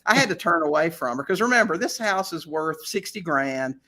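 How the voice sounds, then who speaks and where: A man being interviewed as a real estate investor, telling anecdotes in a casual, lively way. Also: fairly high pitch, fairly quick. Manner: chatty, animated anecdote-teller with frequent restarts. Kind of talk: casual storytelling in a podcast interview.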